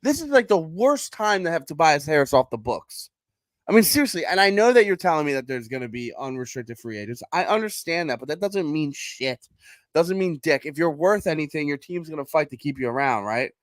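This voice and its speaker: Man, philadelphia accent, sarcastic sports podcast host, slightly high voice, dry sound. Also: very animated, brisk, no echo. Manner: blunt, sarcastic, profane. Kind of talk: casual sports chat.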